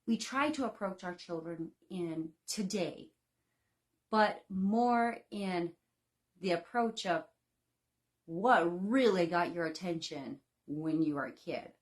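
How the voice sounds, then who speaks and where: A woman's voice: lowish voice, slow. A woman in her thirties, a home baking instructor, talking casually and folksily to her class from home, with lots of fillers and laughs. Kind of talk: casual live-class talk.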